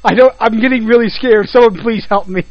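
A man's voice: high-pitched, fairly quick, dry recording, muffled recording. A young man hosting a podcast, teasing his co-host and laughing often. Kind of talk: casual chat.

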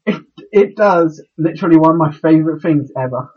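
Male podcast co-host, husky, slightly high, stumbles over words, lo-fi recording. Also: a little fast. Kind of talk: casual podcast chat.

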